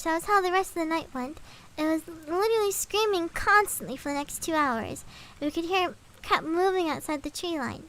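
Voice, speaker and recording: A woman's voice: very high-pitched, fairly quick, a bit bright. A woman streamer casually reading a scary story aloud, swapping swear words for milder ones and breaking off for chatty asides.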